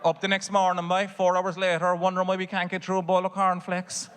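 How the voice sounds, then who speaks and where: Cork irish comic doing stand-up, a bit high pitched, faint room hum and long reverb. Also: male voice, monotone, a little fast, a bit bright. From Ireland. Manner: swearing, storytelling with exaggerated voices for his family. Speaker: stand-up comedian. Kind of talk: stand-up comedy set. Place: theatre stage before a laughing audience.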